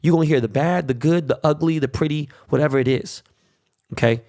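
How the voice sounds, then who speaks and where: This middle-aged man hosts his own podcast, delivering a brash solo rant full of cursing. His voice sits on the high side, brisk and mellow.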